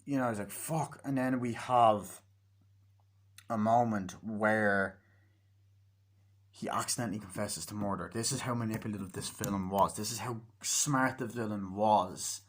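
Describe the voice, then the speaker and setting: A man's voice: fairly low pitch, steady tone, normal speed. A man giving a casual, rambling film review, swearing freely and acting out scenes as he retells them. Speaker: movie reviewer.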